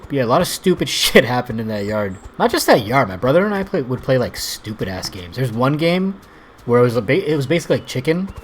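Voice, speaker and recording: A man's voice: mid-range voice, a little hiss or hum. A man in his thirties telling rambling, profane childhood stories while playing a game, laughing as he goes. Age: 30s. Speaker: gaming video host. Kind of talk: casual storytelling over gameplay.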